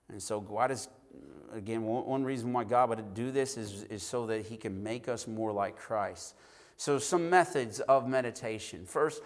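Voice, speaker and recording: A man preaches in an earnest, searching way, often doubling back on his words and restarting. His voice sits at a middle pitch. It carries a long reverb from a church hall. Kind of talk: sermon.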